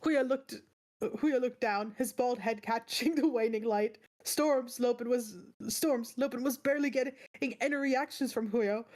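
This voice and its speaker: Woman host reading aloud, slightly high voice, laughing and self-correcting. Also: measured pace, a little mellow. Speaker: book club host, reader. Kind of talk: read-aloud storytelling.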